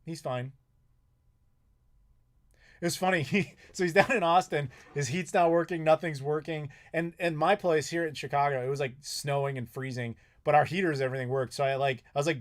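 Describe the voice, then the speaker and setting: A man's voice: fairly high pitch, moderate pace. A man in his thirties hosting a live stream from home, answering chat questions in a rambling, casual way with some swearing. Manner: rambling, chatty, with frequent swearing and laughs. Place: home in Chicago.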